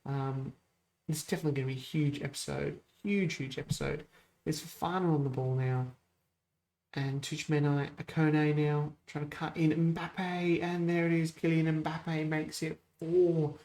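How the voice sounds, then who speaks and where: A man's voice: a little high, normal speed, slight background noise. Chatty man commentating his game. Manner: chatty, rambling, self-correcting, excitable over goals. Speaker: gaming channel host. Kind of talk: casual let's-play commentary.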